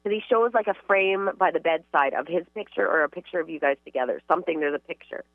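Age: adult. Sex: woman. Style: gentle, filler-heavy medium talk over a dry, phone-like line. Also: low-pitched, fast talker, dry recording. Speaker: psychic medium, co-host. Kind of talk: relaying spirit messages in casual chat.

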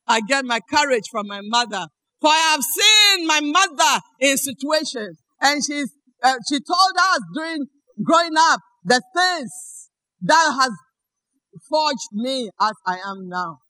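A woman pastor preaching a sermon, emphatic, often shouting and repeating her lines. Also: high voice, lively intonation, a little slow, no room sound, poor audio. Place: church.

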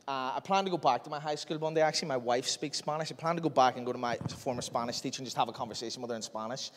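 A young man, telling a jokey, animated story to a young audience as a speaker. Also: medium pitch, rapid-fire. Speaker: youth speaker. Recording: echoey hall with long reverb.

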